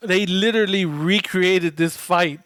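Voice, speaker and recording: High, bright-voiced chatty podcast man. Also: a little slow, dry recording. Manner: chatty, laid-back, swears casually, shares trivia. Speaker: podcast co-host. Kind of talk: casual movie chat.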